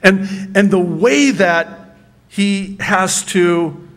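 Slow-spoken, easygoing male pastor. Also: high voice, fairly bright tone. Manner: conversational and humorous, with stammered restarts and drawn-out pauses. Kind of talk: sermon.

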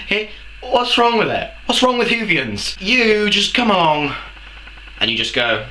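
A man's voice: high voice, sing-song, measured pace, bright, forceful tone, a little hiss or hum. A young man ranting angrily to camera in a comedic vlog, swearing and firing off rhetorical questions. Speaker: vlogger. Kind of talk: angry comedic rant to camera.

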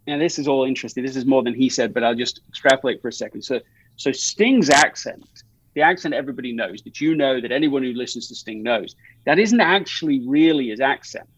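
A man's voice: medium pitch, a little fast, slightly rough, dry recording, muffled recording. A man talking as a guest in a podcast interview, rambling through an anecdote with many restarts and fillers. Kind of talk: conversational interview.

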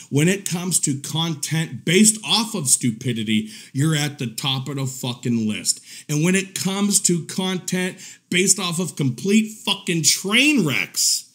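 A man hosting a livestream, ranting profanely and mockingly about an online creator, often breaking into laughter. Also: on the high side. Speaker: drama commentary streamer.

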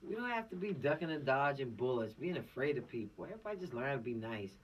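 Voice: medium pitch, sing-song, fast talker, slightly rough, distant mic, dull audio. A law course instructor giving an informal, preachy lecture with streetwise slang.

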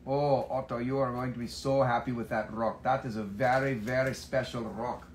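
A man hosting a live stream selling crystals, with excitable, profane sales patter. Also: mid-range voice, moderate pace, a little hiss or hum.

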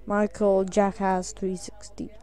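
A woman's voice: mid-range voice, flat delivery, slow, warm tone. A woman giving goofy, crude let's play commentary, yelping and squealing at mishaps in the game. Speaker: gameplay commentator.

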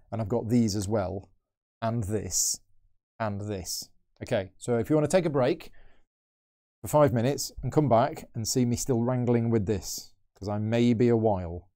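A man's voice: on the low side, warm tone. A man hosting a live solo board game playthrough, chatting and thinking aloud as he moves pieces. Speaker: board game channel host.

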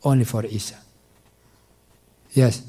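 A man teaching a mosque class on Quran commentary. He recites verses quickly in Arabic, translates them slowly, and repeats words as he searches for them. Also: mid-range voice, fairly even intonation, mellow, husky.

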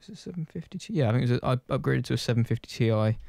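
A man's voice: mid-range voice, lively intonation, rapid-fire, gravelly, darkish tone, no room sound. A man chatting casually to his channel's viewers, rambling and self-deprecating, swearing offhand. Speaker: gaming channel host. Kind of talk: casual chat to camera.

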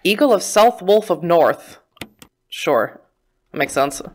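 A woman's voice: fairly low pitch, expressive, slow pace. A woman giving casual gameplay commentary, chatty and self-mocking, talking back to the game character. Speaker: let's play gamer.

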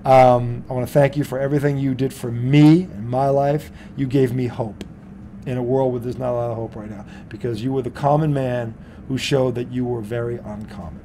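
A man's voice: medium pitch, steady tone, brisk, mellow, slight background noise. A male sports talk host from the Boston area, ranting heatedly with lots of swearing and laughing mid-rant.

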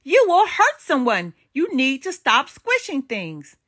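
A brave, commanding young princess heroine from a children's storybook, as a woman reading aloud puts her on. She calls out orders in a high, ringing voice that leaps up and down with lively swings. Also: measured pace, no room sound, studio quality, heavily acted. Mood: urgent. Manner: high-pitched and emphatic, shouting orders. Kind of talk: storybook read-aloud character voice.

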